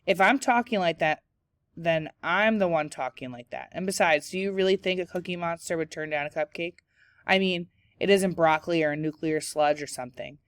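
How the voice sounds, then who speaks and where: A woman's voice: on the low side, a little fast, smooth, no room sound, lightly acted. Woman voicing a hyper, goofy schoolboy. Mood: insistent. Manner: excitable, rambling.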